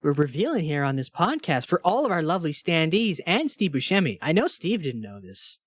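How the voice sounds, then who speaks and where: A man's voice: fairly high pitch, big pitch swings, fairly quick, dry recording, studio quality. A man co-hosting a podcast in casual chat, with a wry, teasing manner and stammering restarts. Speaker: podcast co-host.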